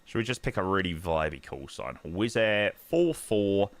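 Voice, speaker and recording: A man's voice: sits low, very animated, moderate pace. A young man chatting casually on a flight-sim live stream, bantering with chat in slang.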